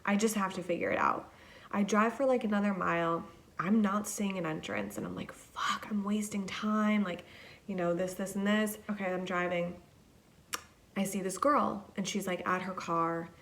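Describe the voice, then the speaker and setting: A young woman hosting a podcast alone, telling a story in a chatty, casual way, swearing and saying "like" a lot. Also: medium pitch. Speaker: podcast host.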